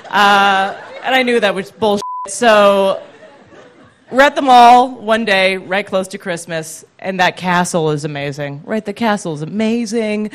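A woman telling a funny personal story live on stage with animated, self-deprecating comic timing, into a stage microphone. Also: mid-range voice, unhurried, some chatter behind, a little hiss or hum. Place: live stage before an audience.

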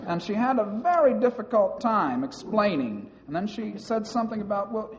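A man giving a public talk about his time as a university student, telling stories in a measured way with some hesitant restarts. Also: high voice, very animated, slight background noise. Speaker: former university student recounting experiences. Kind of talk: public speech recounting personal experiences. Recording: dull lo-fi recording in a reverberant hall.

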